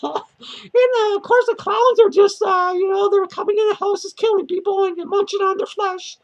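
In a very high, gravelly voice with fairly even intonation, a man plays a lonely, foul-mouthed woman clown who critiques films. He talks at normal speed, ranting with annoyance and profanity and laughing between lines in this comic movie review. The audio is lo-fi.

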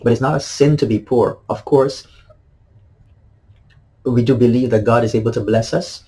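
A man's voice: mid-range voice, moderate pace, dark tone, husky, rough recording. A man, a pastor, giving a daily devotional sermon in an earnest way, repeating key phrases with many fillers.

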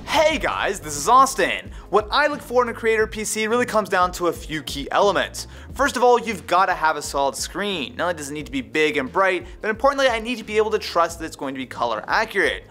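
A man's voice: sits high, very animated, pushed and bright, soft background music. A man, a guest creator, talking casually to camera and running upbeat through his priorities. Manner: upbeat, quick listing of priorities.

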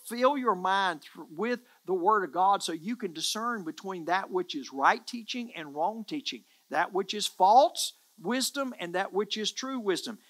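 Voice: medium pitch, a bit bright. A pastor preaching a sermon in an earnest, emphatic way, often repeating phrases for stress.

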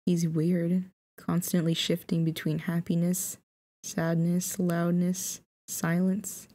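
Woman streamer, reading a game aloud, slow, low voice, dark tone. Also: completely flat delivery.

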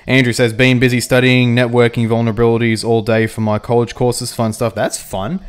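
This livestream gamer has a smooth, mid-range, level voice and talks fairly quickly. He chats casually through a strategy game, reading out messages from chat and saying "um" often as he thinks aloud.

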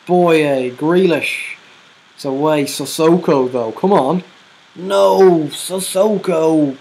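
Woman excitedly commentating a football game. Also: low voice. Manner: exclaims player names, groans and laughs at misses. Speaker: gaming channel host.

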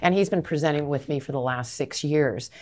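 A middle-aged Canadian woman with a low voice tells her story with passion and emphasis. She is a guest in an interview, speaking earnestly about her work. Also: fairly quick, darkish tone. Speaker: anti-trafficking advocate, guest.

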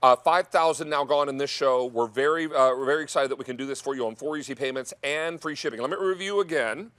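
A man's voice: medium pitch, fast, a bit bright, clear, resonant tone, no room sound. A man hosting a live TV shopping show, talking in a chatty, upbeat sales patter. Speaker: TV shopping host. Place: TV studio kitchen set.

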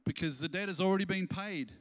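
A man preaching a sermon as pastor, animated and acting out quoted voices as he speaks. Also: high-pitched, fast. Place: church auditorium. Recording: long church reverb.

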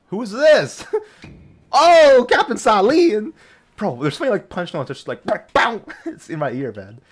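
A young man playing a video game and commenting casually, excitable and laughing often, sometimes reading the game's lines out in silly voices. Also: sits high, normal speed, breathy edge. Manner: excitable, laughs a lot, shouts and mocks game dialogue. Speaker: gaming streamer. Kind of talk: casual let's-play commentary.

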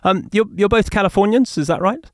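A man's voice: sits high, brisk, no room sound, studio quality. A man with an English accent hosting a podcast interview, chatty and jokey, often laughing. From England. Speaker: podcast host.

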